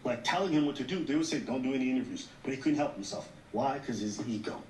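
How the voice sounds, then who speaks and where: A man's voice: mid-range voice, expressive, fast. Man commenting in a roomy, distant room. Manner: explains at length, reads out quotes, swears casually. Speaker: co-host of a commentary show. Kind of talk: casual commentary on a news clip. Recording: roomy echo, heard from a distance, faint room noise.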